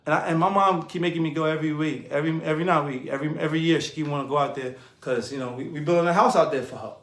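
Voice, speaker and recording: Young New guy, high voice, animated motivational chat with plenty of laughs. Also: racing. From New York. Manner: animated, laughs often, slangy. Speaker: fitness coach and streamer. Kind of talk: casual motivational talk. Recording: echoey room.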